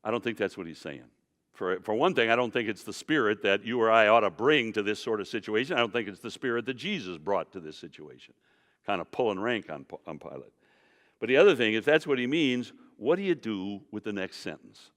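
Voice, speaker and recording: A man's voice: lowish voice, lively intonation, fairly quick, fairly bright tone, in a large hall. A man teaching a Bible class, lecturing emphatically and putting questions straight to the class.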